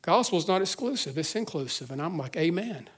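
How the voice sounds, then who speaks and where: Guy preaching in church, high voice, gets fired up then goes quiet and earnest, stumbles and restarts a lot. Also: animated, fast talker. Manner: earnest, swells from hushed to fervent, frequent restarts. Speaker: pastor. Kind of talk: sermon. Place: church service.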